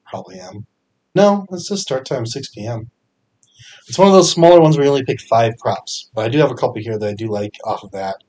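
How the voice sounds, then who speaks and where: A young man hosting a fantasy sports podcast, talking casually with energetic bursts and frequent fillers. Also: mid-range voice, a little fast. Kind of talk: casual solo podcast picks.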